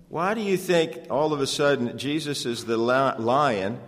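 A man's voice: mid-range voice, normal speed, few pauses. A man preaching an expository sermon, earnestly asking the congregation rhetorical questions. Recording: long hall reverb.

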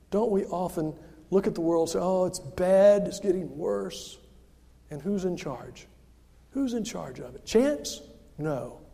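A male pastor preaches in a loose, conversational way and pokes fun at himself. His voice sits high for a man but sounds dark and mellow. A long reverb from a big church hall trails after every phrase. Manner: conversational, self-deprecating, acts out quoted voices. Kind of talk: sermon.

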